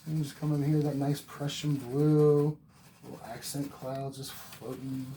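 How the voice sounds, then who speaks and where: A fairly high, mellow voice with little pitch movement and a slightly slow delivery belongs to this painting instructor. He guides each oil stroke in an encouraging, repetitive way, sometimes stepping back from the mic, with faint noise behind him.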